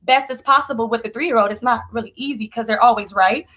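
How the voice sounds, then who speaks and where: A young woman speaks in a somewhat high voice, earnest and heartfelt. She shares a personal faith testimony in a casual, conversational way. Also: fast, a bit bright. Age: young adult. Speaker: team member sharing testimony.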